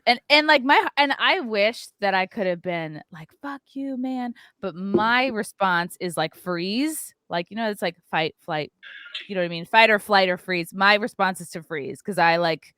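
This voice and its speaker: Woman podcast host, animated storyteller, acts out quotes, dry mic. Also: mid-range voice, normal speed, clean tone, no room sound. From New York area. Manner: acts out quotes, frequent "like" fillers.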